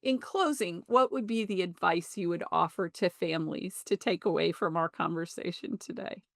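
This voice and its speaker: A woman's voice: on the low side, moderate pace, gravelly, no echo, studio quality. A woman hosting an interview, casual and effusive with praise for her guest. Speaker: podcast host.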